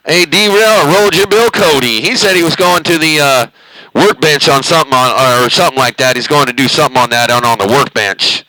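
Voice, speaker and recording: This is a brisk, sharp-sounding man whose voice sits on the high side, captured in a rough recording through a CB radio mic. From his bedroom he hosts a channel, chatting loosely and rambling in a folksy manner full of hesitant fillers.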